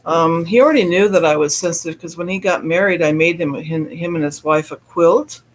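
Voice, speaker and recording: A man's voice: a little high, a little fast. A man hosting a live stream, talking casually and personally, laughing often and breaking off to greet viewers in the chat.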